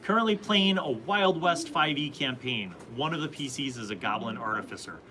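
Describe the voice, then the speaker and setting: A man's voice: medium pitch, expressive, normal speed, bright, forceful tone, slight background noise, rough recording. A man hosting a casual live stream, reading viewer comments and rambling through answers about tabletop games.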